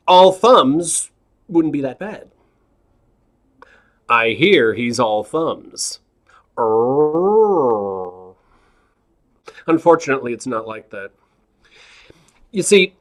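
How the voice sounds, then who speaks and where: A man's voice: a little high, fairly bright tone. A man performing a stand-up set over a video call, awkward and self-deprecating. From New York. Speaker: stand-up comedian.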